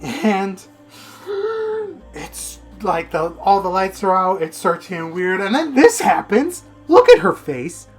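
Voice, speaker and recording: A man's voice: high voice, animated, slow pace, soft background music. A young man giving a casual, rambling video review of a manga, swearing constantly and getting worked up as he retells the story.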